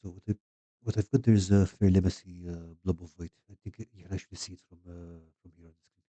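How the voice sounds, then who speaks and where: A man giving a casual painting tutorial, soft-spoken and often trailing off quietly mid-thought. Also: low-pitched, steady tone, fast talker, no echo. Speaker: miniature painter.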